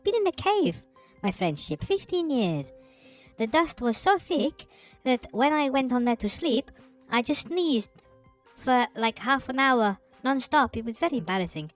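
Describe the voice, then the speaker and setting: A woman's voice: fairly low pitch, expressive, a little fast, darkish tone, faint music behind, lightly acted. A woman voicing a small, earnest, fussy ship cleaner in a tabletop role-play, rambling and chatty with formal phrasing.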